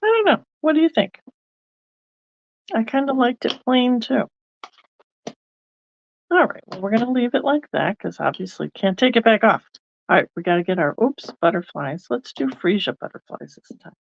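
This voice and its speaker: A woman's voice: medium pitch, expressive, normal speed, creaky, muffled recording, slight background noise. A woman hosting a card-making video, chatting casually and thinking aloud as she works. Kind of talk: casual crafting demonstration.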